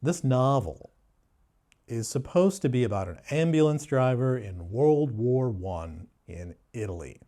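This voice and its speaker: A man speaking slowly in a dark, mellow voice, sarcastic and mock-serious as he talks about books. His delivery stays deadpan and unhurried throughout. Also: medium pitch. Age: adult. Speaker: booktuber. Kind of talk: sarcastic book review.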